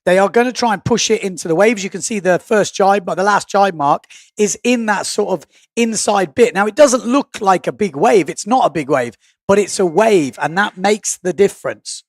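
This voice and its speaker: A man's voice: high-pitched, normal speed, no room sound, studio quality. A man giving chatty, rambling live sport commentary as the stream's host. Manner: chatty, rambling, thinking aloud. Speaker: livestream commentator.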